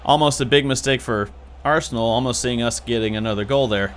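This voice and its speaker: Casual gameplay commentator, adult man, mid-pitched, chatty and excitable, grumbles at setbacks, light background hum. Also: fairly quick. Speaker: gaming YouTuber.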